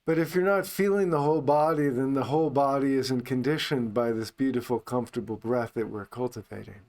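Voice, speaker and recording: Speaking only as he breathes out, a meditation teacher gives an unscripted, calm, unhurried talk. His medium-pitched voice moves fairly quickly.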